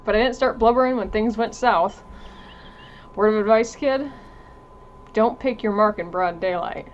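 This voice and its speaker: A woman's voice: medium pitch, moderate pace, highs cut off, a little hiss or hum, close to an everyday voice. A woman voicing a terse, guarded woman newcomer in a western town, with a put-on drawl and curt, clipped replies. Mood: stern.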